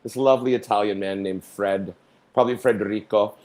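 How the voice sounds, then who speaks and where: A man's voice: lowish voice, steady tone, a little fast, a little mellow, a little hiss or hum. A middle-aged man from Canada, a stage performer being interviewed, who tells his stories theatrically, acting out voices and singing lines. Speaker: guest performer. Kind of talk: storytelling interview talk.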